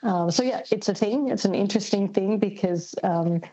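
An Australian woman, a linguist guest, explaining things thoughtfully on a radio interview, pausing often with ums. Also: mid-range voice, warm tone, slightly rough, muffled recording. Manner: thoughtful, hesitant with many ums.

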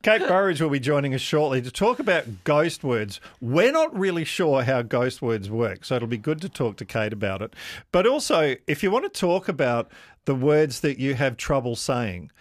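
A man hosting live talkback radio in a relaxed studio, inviting calls and gently teasing. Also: medium pitch, normal speed, no room sound. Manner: easygoing, inviting callers, light teasing. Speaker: radio host.

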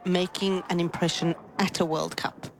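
A woman giving expert cricket analysis, measured and thoughtful, making her points with statistics. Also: lowish voice, little pitch movement, background noise. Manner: thoughtful, measured, explains with stats. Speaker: cricket pundit.

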